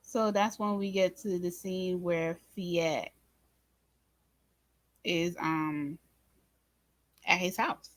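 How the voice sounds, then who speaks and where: Slow-talking woman recapping a drama episode. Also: lowish voice, no echo. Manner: animated, talks to viewers as "y'all" and "baby"; acts out her own reactions in quoted asides. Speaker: reaction channel host. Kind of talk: casual recap commentary.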